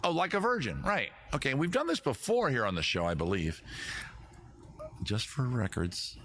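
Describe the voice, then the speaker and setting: A man's voice: mid-range voice, big pitch swings, normal speed, fairly bright tone, slight background noise. Rambling self-mocking male comedy host. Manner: rambling, self-mocking, giggles at own jokes. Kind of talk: comedic live-stream banter with guitar.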